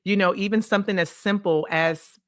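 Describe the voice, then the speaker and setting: A woman guest on a podcast, telling personal stories in a casual, animated way and acting out remembered dialogue. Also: mid-range voice, brisk, no echo, studio quality. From Illinois, USA. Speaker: podcast guest, consulting firm CEO. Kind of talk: casual interview storytelling.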